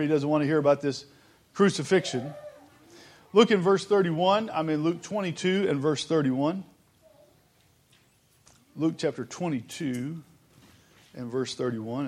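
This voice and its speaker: A man preaching a sermon in an earnest, conversational way, often restarting his sentences. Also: on the high side.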